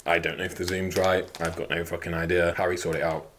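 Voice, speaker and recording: A man's voice: low voice, level tone, quick pace, a bit bright, slight background noise. A young man hosting a fitness channel, cracking crude jokes and swearing through a casual product review. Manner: crude, joking, heavy swearing.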